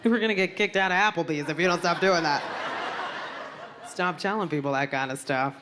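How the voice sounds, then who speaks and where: A woman comedian doing a stand-up set, brash and animated, landing blunt punchlines. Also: fairly low pitch, brisk. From Puerto Rican heritage. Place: comedy stage before a crowd. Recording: live club with loud audience laughter and noise.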